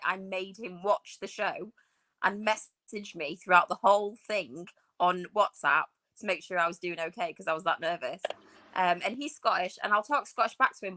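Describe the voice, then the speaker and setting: Chatty bright-voiced woman. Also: lowish voice. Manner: chatty, rambling, self-deprecating. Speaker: podcast co-host. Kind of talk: casual chat.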